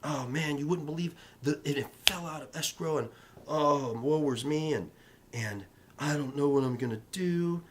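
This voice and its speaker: A man's voice: a little high, normal speed, background noise. Emphatic man giving a motivational vlog talk. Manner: emphatic, repetitive, coaching tone. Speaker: real estate vlogger.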